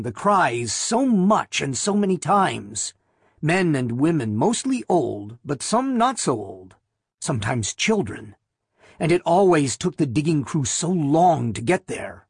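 Husky male audiobook narrator. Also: fairly high pitch, big pitch swings, unhurried, dry recording, clean studio sound. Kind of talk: scripted narration.

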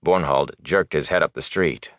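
Deep-voiced male fantasy narrator. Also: moderate pace, no echo, studio quality. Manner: expressive, dramatic. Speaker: audiobook narrator.

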